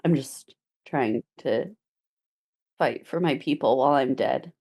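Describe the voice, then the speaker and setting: Woman, tabletop player, low pitch, quick casual questions. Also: darkish tone, breathy edge. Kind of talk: casual chat during a tabletop game.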